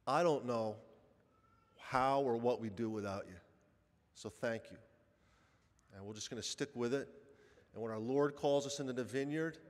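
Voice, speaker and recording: A man's voice: mid-range voice, moderate pace, long pauses. A man who runs a charity, giving an earnest, conversational appeal to a congregation during Mass. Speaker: charity director speaking at Mass. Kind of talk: heartfelt appeal from the pulpit. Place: large church. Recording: echoey church hall.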